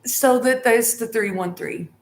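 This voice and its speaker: A woman's voice: fairly high pitch, measured pace. A middle-aged woman telling a rambling story to her viewers, full of fillers and restarts. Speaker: tarot vlogger. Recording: echoey room with faint hiss.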